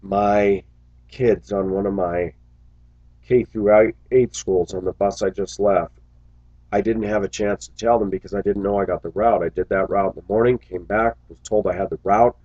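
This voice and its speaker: A man's voice: fairly low pitch, steady tone, normal speed, mellow, no echo, highs cut off. A man who drives a school bus, talking earnestly to his viewers in a casual, reflective monologue full of little stories.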